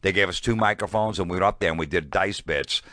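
Middle-aged New York comic, very deep voice, dry close mic, lively anecdote telling with acted-out quotes. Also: male voice, fast, dry recording. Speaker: comedian guest. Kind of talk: casual storytelling chat.

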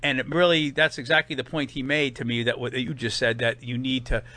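Boston comedian guy in his fifties, talks quick and bright, rambles through anecdotes with lots of "you know"s. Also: mid-range voice. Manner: rambling, animated anecdotes with many fillers. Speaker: guest comedian. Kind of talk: casual storytelling interview.

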